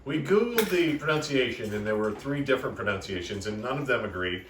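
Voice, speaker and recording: A man's voice: medium pitch, brisk, a little hiss or hum. A man in his forties co-hosting a home cooking show, chatting casually and joking. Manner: joking, animated. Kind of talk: casual chat. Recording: echoey room, mic at a distance.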